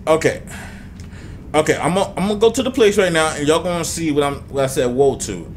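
Excitable cursing young gamer guy. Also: a little high, fast, a little hiss or hum. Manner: excitable, swears a lot, talks to the game and to viewers. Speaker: gaming YouTuber. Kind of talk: let's play commentary.

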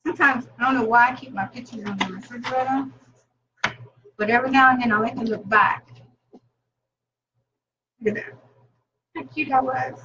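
A woman's voice: fairly high pitch, steady tone, moderate pace, long pauses, fairly bright tone. A woman in her fifties chatting casually to her viewers while she cooks in her home kitchen. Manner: chatty, talks straight to viewers. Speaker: vlogger. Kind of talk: casual cooking vlog chat. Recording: distant lo-fi camera audio with faint noise.

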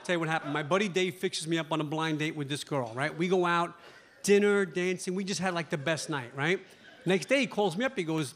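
High-voiced man telling a stand-up story. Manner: fast, animated storytelling with frequent "right?". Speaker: stand-up comedian. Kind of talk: stand-up comedy. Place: comedy club stage.

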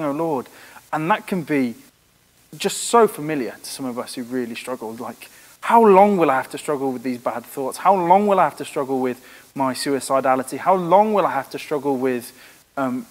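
A man giving a frank, earnest church talk in conversation with a host. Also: fairly high pitch. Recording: echoey room with long reverb.

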